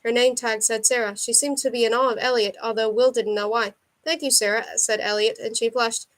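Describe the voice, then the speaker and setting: A woman reading a novel aloud as an audiobook narrator, in an even, steady voice. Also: a little high, a little fast. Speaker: audiobook reader.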